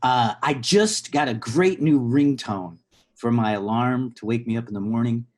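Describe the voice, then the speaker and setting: A man delivering a comedy sketch monologue in a deadpan way. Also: mid-range voice, moderate pace, slight background noise. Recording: music playing under voice.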